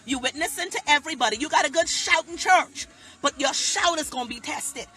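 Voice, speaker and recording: A pastor preaches live into a phone. The voice sits high and sounds bright and forceful. The delivery is emphatic and full of repeated lines, with faint music underneath. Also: a little fast. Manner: emphatic, repetitive, dialect-heavy preaching. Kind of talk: impassioned preaching on a phone livestream. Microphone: phone livestream.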